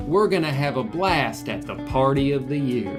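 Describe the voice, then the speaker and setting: A man's voice: medium pitch, lively intonation, moderate pace, lightly acted. A man voicing a teenage girl's best friend in a put-on southern accent, with music playing behind. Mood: comforting. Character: gossipy teen girl best friend with a hissing snake voice, later a put-on southern drawl.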